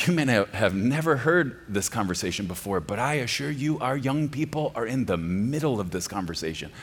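A male pastor delivering a sermon, swinging from quiet, low passages to loud, emphatic ones. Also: expressive, fairly quick, husky. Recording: long reverb of a large hall.

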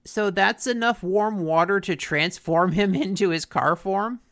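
A man with a high voice takes his time as he co-hosts a podcast recap of a cartoon episode. The chat is casual, and he animatedly acts out lines from the episode.

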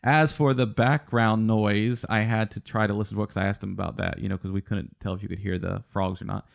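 A man's voice: lowish voice, fairly even intonation, fairly quick, creaky. A man hosting a family podcast over a video call, joking and teasing his guests. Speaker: podcast host. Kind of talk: casual chat.

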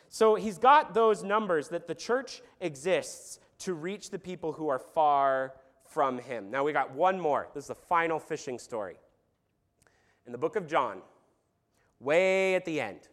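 A man preaching a sermon as pastor, telling a Bible story with lively asides, sarcasm and acted-out quotes. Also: a little high.

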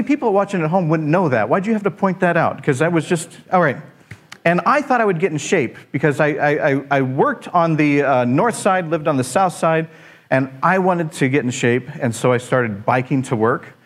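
Here a man with a medium-pitched voice delivers a sermon, jumping from one funny, self-deprecating story to the next. His delivery is animated and meandering, full of false starts.

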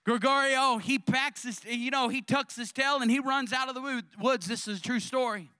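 High, bright-voiced pastor preaching. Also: male voice, normal speed, smooth, no echo, studio quality. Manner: animated storytelling preacher. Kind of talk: sermon.

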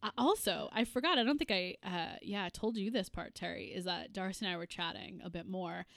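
A woman with a fairly low, slightly quick voice and some vocal fry co-hosts a podcast, chatting casually and laughing often as she tells stories with animation. The recording is clean studio sound with no echo.

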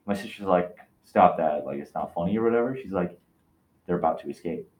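A man with a very low voice tells a ghost story in a loose, excitable chat, tripping over his words as he builds it up. The room echoes noticeably around him. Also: brisk. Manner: animated, excitable, lots of fillers and restarts. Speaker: podcast co-host telling a ghost story. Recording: roomy echo.

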